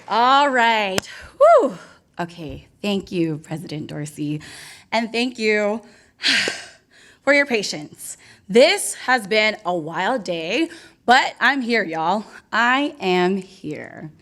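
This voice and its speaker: A woman's voice: medium pitch, sing-song, takes it slowly, a bit bright. A young woman emceeing a live award ceremony, bubbly and playful as she works the crowd. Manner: bubbly, playful and hyped, talks straight to the crowd. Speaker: event MC. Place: event venue with a live audience.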